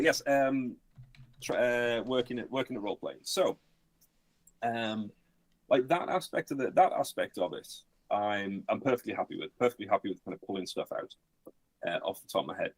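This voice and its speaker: Husky, hesitant man chatting. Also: on the low side, dry recording. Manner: hesitant, many fillers and restarts. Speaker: game master. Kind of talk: casual podcast chat.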